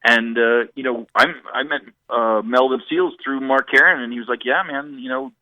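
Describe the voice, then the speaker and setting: A man's voice: mid-range voice, moderate pace, no room sound, highs cut off. A man, a musician guest, telling stories in a rambling stream-of-consciousness way during a radio interview.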